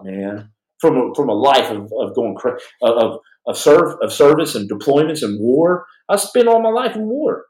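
A man's voice: medium pitch, moderate pace. Rambling storyteller man in a roomy space. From United States. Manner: rambling, animated, repeats words, acts out quoted dialogue. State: in pain, numb hand. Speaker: podcast host telling his own stories. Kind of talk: live podcast storytelling.

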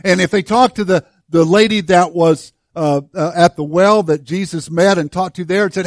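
A man preaching a sermon to his church, swinging from hushed, slow lines to loud, fervent ones. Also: high-pitched, no room sound, studio quality. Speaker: pastor.

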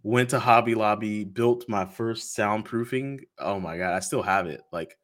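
A podcast host tells a story in an easygoing, animated way, slipping into the voices of the people he quotes. His voice sits on the low side for a man. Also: moderate pace. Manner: animated, acts out quoted dialogue with laughs. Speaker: podcast host being interviewed. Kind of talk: casual storytelling.

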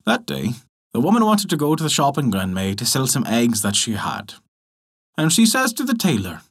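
A man narrating a folk tale in an expressive storytelling manner. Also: medium pitch, moderate pace, husky.

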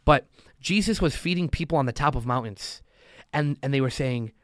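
A man in an even middle voice talks on at length, as a podcast guest on a roll. He keeps swinging into quoted voices to drive his points home. The sound is dry and close. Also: mid-range voice, dry recording. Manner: talks fast in long motivational runs, acts out quotes. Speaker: podcast guest, loan officer. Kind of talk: casual podcast talk.

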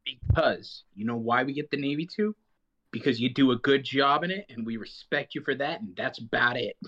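Bright-voiced man ranting in mock outrage. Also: medium pitch, moderate pace, highs cut off. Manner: animated, mock-indignant ranting. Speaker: podcast co-host, Marine veteran. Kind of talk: casual banter.

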